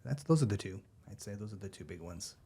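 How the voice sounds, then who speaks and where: A man's voice: lowish voice, fast talker, husky. A man in his thirties, a gym member and podcast guest, chatting casually and laughing easily. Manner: relaxed, easygoing, laughs often. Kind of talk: casual interview chat.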